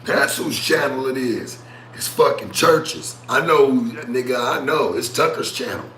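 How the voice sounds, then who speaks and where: A man rants to his stream, profane and mocking, and tells the story with a lot of animation. His voice is bright and forceful. He records in an echoey room with a faint hum of ambience. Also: mid-range voice, lively intonation, a little slow. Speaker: streamer and talk show host. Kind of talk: casual rant to live stream chat.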